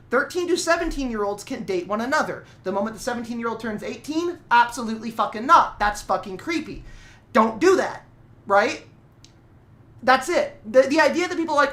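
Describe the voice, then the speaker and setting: A woman's voice: a little high, sharp tone. A woman streamer chatting casually while drawing, playful and profane, putting on a mock Cockney accent.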